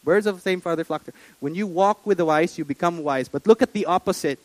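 A man preaching a sermon, animated, checking in with "right?" and slowing down hard for emphasis. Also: sits high, dry recording, poor audio. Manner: animated, asks "right?" often, dramatic slow emphasis. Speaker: pastor.

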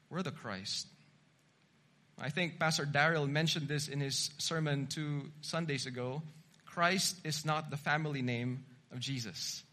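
A male preacher giving a teaching sermon at an unhurried pace. His voice sits high and sounds bright and forceful, and he hammers home key points with repeated, emphatic words. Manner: measured teaching delivery, rising to emphatic repetition. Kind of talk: expository sermon.

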